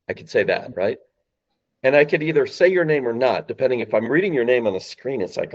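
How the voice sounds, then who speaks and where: A sales company founder, guesting on a podcast, explains sales calls in a brisk, expressive, medium-pitched voice. He's emphatic, acts out phone lines, and his voice rises and falls; the recording is muffled.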